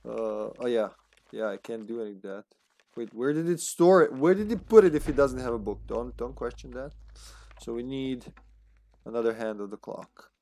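A man's voice: medium pitch, moderate pace, creaky, mellow. Chatty Serbian-accented man streaming a game. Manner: chatty, laughs often, thinks aloud. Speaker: livestreamer. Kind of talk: casual gameplay commentary.

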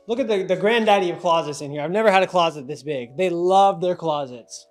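A man's voice: sits high, a little fast, faint music behind. A young man giving a casual, joking tour of his new house for his vlog, chatty and self-mocking. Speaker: vlogger giving a home tour.

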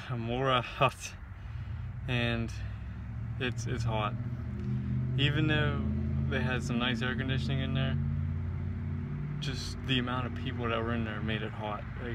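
A young man chatting casually into a handheld camera mic, excitable and prone to repeating himself and laughing. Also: mid-range voice, background noise. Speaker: gaming vlogger.

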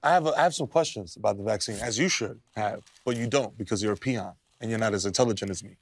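A man in a comedy sketch playing a smug, conspiracy-minded male basketball star who mockingly lowers his voice to sound smart. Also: quick pace, slightly rough, dry recording. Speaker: comedy show host.

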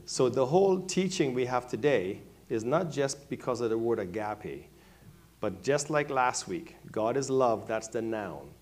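A male pastor preaching a sermon, calling on members of his congregation by name, swinging from quiet remarks to loud, high-pitched exclamations. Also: expressive, measured pace. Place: church sanctuary.

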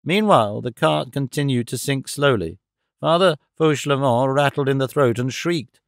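A man reading a classic novel aloud as audiobook narrator, in a measured, steady way. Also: mid-range voice, creaky, no room sound, clean studio sound. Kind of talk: scripted narration.

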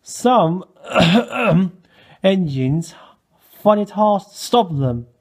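A man's voice: sits high, expressive, slow pace, darkish tone. A man doing a wry old engine. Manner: firm, wry. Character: old wise engine, teasing and firm.

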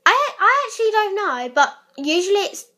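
A young woman with a high, bright voice chats through a question-and-answer vlog, rambling and full of fillers. The talk is loose and unscripted. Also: sing-song, moderate pace. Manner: chatty, rambling with many fillers. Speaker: vlog host. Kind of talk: casual Q&A vlog chat.

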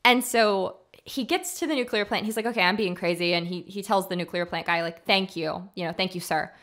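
On a podcast she co-hosts, a woman casually retells a film scene by scene, animatedly acting out the characters' lines and using plenty of filler words. Her voice is mid-range and she talks a little fast.

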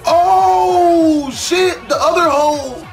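A reaction host, drawing his words out slowly. He hollers, curses and laughs at what he watches. Faint music plays behind him. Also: extremely high pitch, steady tone. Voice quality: loud, shouting exclamations, frequent laughter. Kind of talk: profane reaction commentary.

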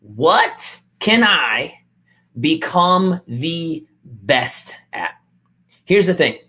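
Animated man giving a motivational talk. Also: a little high, extremely slow. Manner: emphatic, repeats key lines, acts out quotes.

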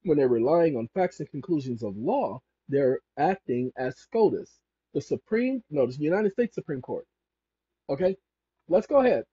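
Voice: mid-range voice, big pitch swings, moderate pace, dark tone, husky. A speaker giving rambling legal commentary who reads passages aloud and keeps correcting themselves mid-sentence. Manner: emphatic and repetitive, corrects self mid-sentence. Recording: dull lo-fi recording.

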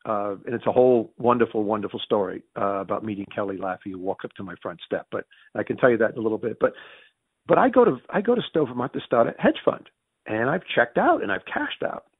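A gravelly, husky American man tells his story in a lively, swinging voice and keeps breaking in on himself. The sound is dry and thin, as if it came over a phone line. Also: fairly low pitch, no echo. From United States. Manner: rapid self-correcting anecdotes with quoted dialogue. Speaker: interview guest. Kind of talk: animated storytelling in conversation.

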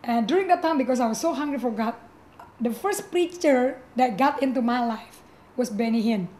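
A woman's voice: fairly high pitch, normal speed, darkish tone. A middle-aged woman, a pastor whose first language is Indonesian, telling her personal testimony in English with emotion, repeating herself and filling with "you know" and "like.". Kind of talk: personal testimony, earnest storytelling.

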